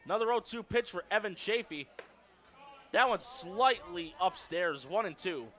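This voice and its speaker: A man calling baseball play-by-play on radio, lively and rising on the big strikeouts. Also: sits high, normal speed. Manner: lively calls that rise on strikeouts. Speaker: play-by-play announcer.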